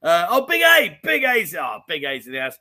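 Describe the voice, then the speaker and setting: A high-pitched man chatting on a casual livestream. His voice is bright and forward as he rattles through viewer comments, friendly and full of slang. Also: moderate pace. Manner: chatty and animated, full of mate and diamond geezer slang. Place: home in Thailand.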